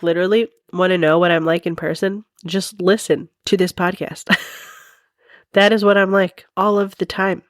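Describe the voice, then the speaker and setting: A woman podcast host with a lowish voice tells a rambling, casual story, giggling and often laughing mid-sentence. The recording is dry, with clean studio sound.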